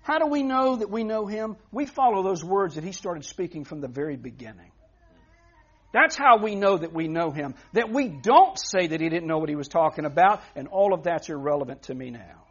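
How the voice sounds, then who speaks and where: A man's voice: high-pitched, expressive, moderate pace, slightly rough. A man preaching a sermon as pastor, earnest and emphatic, often restarting phrases. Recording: dull lo-fi recording.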